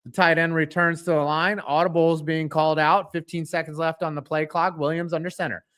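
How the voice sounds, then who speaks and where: A man's voice: on the high side, level tone, a little fast, a bit bright, clear, resonant tone. A man giving live reaction commentary on a football game, calling plays, joking with his chat and cursing at the referees' calls.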